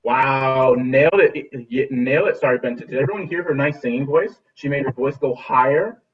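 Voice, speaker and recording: Husky-voiced male music teacher on a call. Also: medium pitch, moderate pace. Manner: encouraging, repeats and restarts phrases. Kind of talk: remote class teaching. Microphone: laptop video call. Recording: distant dull video call audio.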